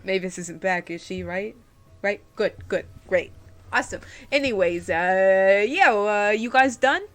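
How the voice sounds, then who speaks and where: A woman voicing a jittery small male gnome tavern keeper, talking in rapid, upbeat bursts full of fillers. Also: medium pitch, expressive, natural voice. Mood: nervous.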